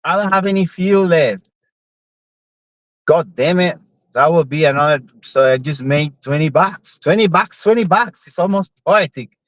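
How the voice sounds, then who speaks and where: A man's voice: a little high, measured pace, no echo, rough recording. A man driving for a ride-share app and chatting on a live stream from inside his car, joking, swearing and repeating words in a sing-song way. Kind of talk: casual live-stream chat.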